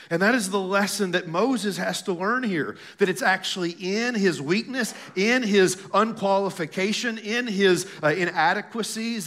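A man preaching a sermon as pastor, reading scripture slowly and calling out to his congregation. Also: high voice, lively intonation, fairly bright tone.

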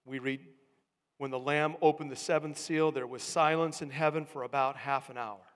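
A man preaching a sermon, swinging from hushed tones to loud emphatic calls. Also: medium pitch, fairly even intonation, moderate pace, big-room sound.

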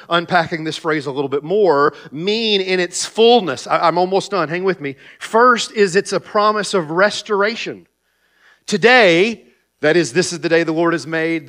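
A man with a fairly high voice delivers a sermon as pastor. He addresses the congregation directly, slipping in sarcastic asides. His delivery swings between hushed low phrases and loud, emphatic peaks.

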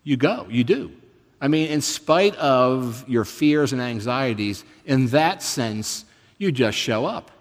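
A man in his fifties preaches a sermon in a relaxed, storytelling way, his pitch rising and falling a lot as he pokes fun at himself. His voice carries a long reverb from a large hall. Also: slow pace. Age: 50s. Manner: conversational storytelling with self-deprecating humor. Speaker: guest preacher.

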